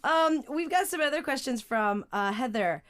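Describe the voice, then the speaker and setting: A woman interviewer with a fairly high voice that swings widely in pitch as she reads listener questions. She giggles often and reacts with gasps and eager exclamations. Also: animated, normal speed, fairly bright tone. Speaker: interviewer reading fan questions. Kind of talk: casual interview chat.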